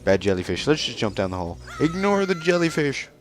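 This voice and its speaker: A man's voice: mid-range voice, big pitch swings, a little fast. A man hosting a let's play, giving casual, sarcastic and joking commentary on a video game. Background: video game music.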